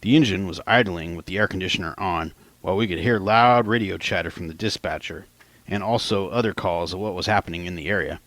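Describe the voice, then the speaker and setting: A man's voice: low voice, fairly quick, fairly bright tone, no room sound. A man narrating his own novel as an audiobook in a plain, casual storytelling manner. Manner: plain, casual storytelling, quotes lines in lightly raised voices.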